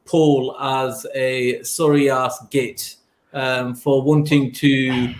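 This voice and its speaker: A man's voice: medium pitch, level tone, extremely slow. A man hosting a casual podcast, rambling with frequent ums and wry asides. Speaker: podcast host.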